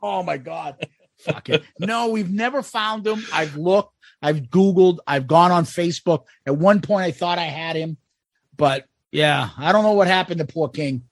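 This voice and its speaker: A man co-hosting a casual podcast, telling stories in an animated, profane way and laughing often. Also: a little high, normal speed, no room sound, studio quality. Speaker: podcast co-host.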